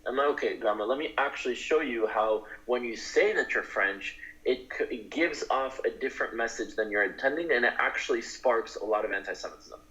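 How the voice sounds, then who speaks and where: A man speaks in an interview with an earnest, emphatic delivery that rises into passionate declarations. His voice sits at a middling pitch. The recording is slightly dull and muffled. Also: fairly quick, few pauses, sharp tone. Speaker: guest advocate. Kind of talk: interview talk.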